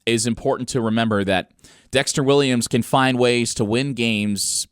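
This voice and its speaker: A man's voice: medium pitch, steady tone, moderate pace, clear, resonant tone, no echo. A young man hosting a college sports radio show, giving commentary with dry, sarcastic quips.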